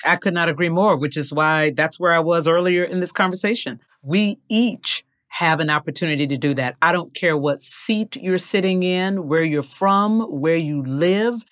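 Measured older interviewer giving advice. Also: medium pitch, a bit bright. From American South. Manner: measured, emphatic, advisory. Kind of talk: reflective interview talk.

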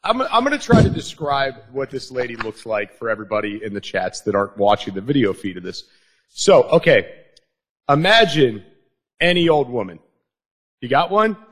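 A man co-hosting a crude comedy news podcast, firing off blunt wisecracks and quick retorts. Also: medium pitch, big pitch swings, fairly bright tone. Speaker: podcast co-host.

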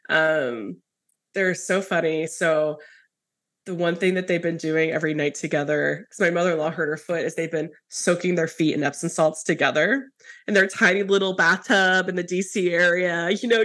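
A woman hosting a podcast, telling a story in a lively, casual way with many fillers. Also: low voice. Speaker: podcast host. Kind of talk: casual conversational interview.

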